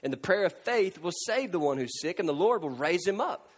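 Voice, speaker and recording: A man preaching a sermon, impassioned, swinging from loud pleading cries to hushed, near-whispered lines. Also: high-pitched, lively intonation, brisk, breathy edge, long reverb tail. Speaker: pastor.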